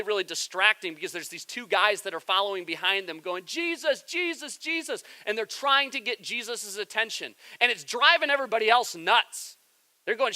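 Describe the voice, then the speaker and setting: Bright-voiced man preaching a sermon. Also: a little high, no room sound, low-quality recording. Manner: repeats words when building up, acts out crowd voices loudly. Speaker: pastor. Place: church.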